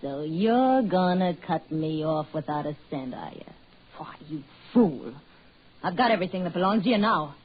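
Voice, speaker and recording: An actress playing a scheming wife who turns into a cat, in 1940s radio acting with sneering, shrill lines. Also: female voice, lively intonation, normal speed, lightly acted. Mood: scornful. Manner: sneering, then shrieking in terror. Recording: dull old radio recording with faint hiss.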